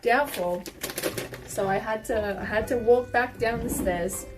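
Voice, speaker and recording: A woman streamer chatting casually while she cooks, animated and swearing often. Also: a little high, a little slow, over music. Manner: animated, swearing, exclaiming in pain. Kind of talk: casual cooking stream chat.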